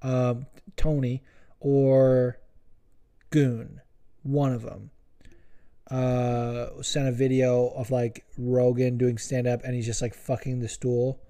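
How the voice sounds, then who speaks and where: A man's voice: medium pitch, flat delivery, takes it slowly, warm tone. A young man hosting a podcast, chatting in a rambling, profane, joking way. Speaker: podcast host. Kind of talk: casual podcast chat.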